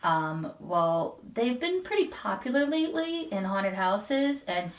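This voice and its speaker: A woman co-reviewing a haunted attraction in casual chat, animated and upbeat. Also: mid-range voice, measured pace, far from the mic, dull audio. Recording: echoey room, a bit off-mic.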